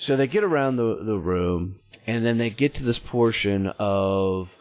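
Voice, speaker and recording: This podcast host speaks at a fairly low pitch and a normal pace, delivering a storytelling monologue about his own experiences. He's blunt, salty, and pokes fun at himself, and the sound is thin and phone-like.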